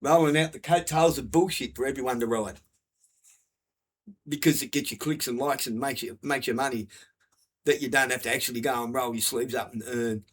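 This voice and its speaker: A man's voice: medium pitch, fairly even intonation, a little fast, slightly rough. A man giving a blunt, profane, repetitive rant to camera. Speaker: vlogger.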